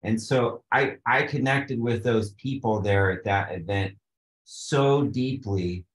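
A man's voice: on the low side, takes it slowly, roomy sound, low-quality recording. A man being interviewed about an event he organized, talking in an earnest, enthusiastic, motivational way. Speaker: interview guest, retreat organizer. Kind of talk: casual interview.

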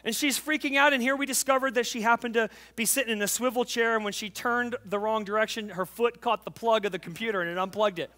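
A man in his forties preaching a sermon as pastor, fervent and emphatic, telling a family story and dropping to quiet intimacy. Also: high voice, steady tone, fast, few pauses. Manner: tells a family story, acting out the voices.

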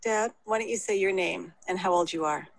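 A woman with a husky voice patiently interviewing her elderly father for a family recording. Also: fairly low pitch, fairly quick, no room sound, rough recording. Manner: gentle, patient prompting.

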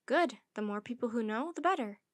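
A woman voicing a calm, gentle mother who works as a vet, speaking in a soothing, measured way. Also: fairly high pitch, no echo, natural voice.

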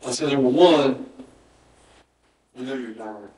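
A man preaching a sermon, voice sitting at an ordinary middle pitch. He tells his stories by acting out the dialogue and repeating words for emphasis. The sound is roomy and a little distant, picked up in a church sanctuary. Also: unhurried, a little mellow. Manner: storytelling, quoting dialogue with emphatic repetition. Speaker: pastor.

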